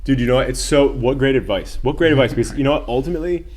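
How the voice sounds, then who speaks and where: A man's voice: mid-range voice, very fast, darkish tone. A man hosting a casual interview, chatty and enthusiastic, often affirming his guest. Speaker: podcast host.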